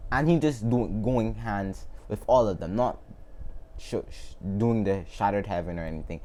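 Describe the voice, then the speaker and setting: A man's voice: fairly low pitch, moderate pace, dark tone. A man casually retelling a fan story, rambling, laughing often and correcting himself as he goes.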